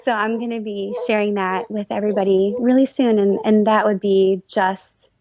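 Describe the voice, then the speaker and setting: A woman's voice: mid-range voice, fairly even intonation, normal speed, darkish tone, no room sound, highs cut off. A woman guest on an interview podcast, talking with gushing enthusiasm and lots of fillers about her writing course. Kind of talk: casual interview chat.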